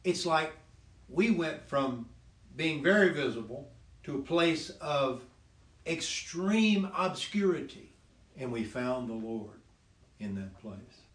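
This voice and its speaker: A man casually telling the story of his faith testimony, animated and laughing often, dropping lower when he quotes God. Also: takes it slowly, echoey room. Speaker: guest sharing his testimony.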